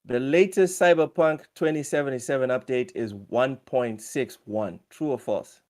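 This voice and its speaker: A man's voice: medium pitch, moderate pace, a little mellow. A man hosting a casual gaming live stream, reading viewer comments aloud in a loose, chatty way. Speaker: stream host running a quiz.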